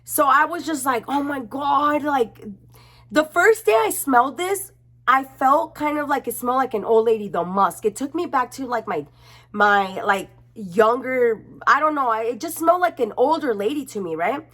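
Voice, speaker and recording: A young woman chatting casually to her camera at home, expressive and chatty, swearing freely. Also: high-pitched, moderate pace. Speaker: beauty vlogger.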